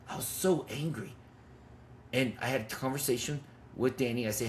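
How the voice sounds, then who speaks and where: Talking fast in a medium-pitched voice, this men's ministry leader in his fifties gives a conversational testimony, recounting a personal story with intensity and blunt, profane language. There's a little background noise.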